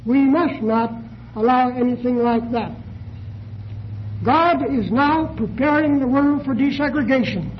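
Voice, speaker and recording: High-voiced man preaching slowly. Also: dull audio, a little hiss or hum. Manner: measured, deliberate, posing questions to listeners. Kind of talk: sermon.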